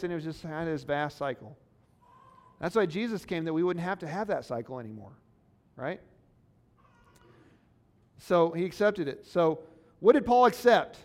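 Here a pastor's smooth, high-pitched voice carries an earnest, conversational sermon in which he asks the congregation rhetorical questions.

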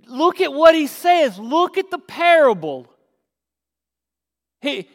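A man's voice: very high-pitched, moderate pace. A man preaching a sermon, asking rhetorical questions and acting out the lines of the people in his story. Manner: animated, acts out dialogue, rhetorical questions. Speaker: pastor. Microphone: filmed on camera. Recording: long hall reverb.

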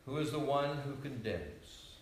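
A man preaching a sermon, swinging between loud, ringing declarations and quiet, hushed asides. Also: medium pitch, lively intonation, unhurried, a little hiss or hum. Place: retreat meeting hall. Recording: echoey room, voice from far off.

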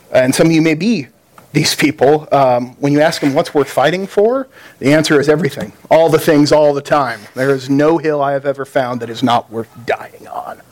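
Male preacher, dry conversational storyteller. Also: mid-range voice. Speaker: pastor. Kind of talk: sermon with a told joke.

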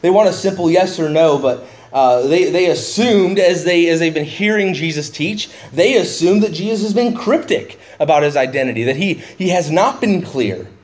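A man preaching a verse-by-verse sermon in a conversational way, getting animated when he paraphrases. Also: on the high side, moderate pace, hardly any pauses. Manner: conversational, rising excitedly when paraphrasing Jesus. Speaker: pastor. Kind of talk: expository sermon.

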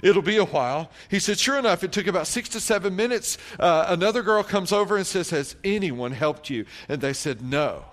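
Preacher man swinging soft to loud. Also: expressive. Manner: swings from quiet, low reflection to loud, high, drawn-out emphatic declarations; storytelling, quoting church members. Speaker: pastor. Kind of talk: sermon.

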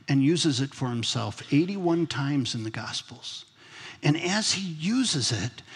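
A man's voice: fairly high pitch, in a large hall. A man preaching a sermon as pastor, in a conversational way, asking his congregation questions. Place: church sanctuary.

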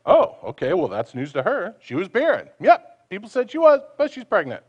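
A man's voice: high-pitched, huge pitch swings, normal speed, husky, dull audio. A man preaching a conversational sermon, asking his listeners questions and acting out the voices he quotes.

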